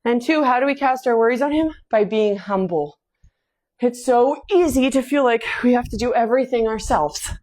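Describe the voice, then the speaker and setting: A fitness instructor with a higher, slightly mellow voice and fairly even intonation speaks fairly quickly while hosting a home workout. She counts reps aloud, sighs and gets a little out of breath, and chats casually about faith between sets.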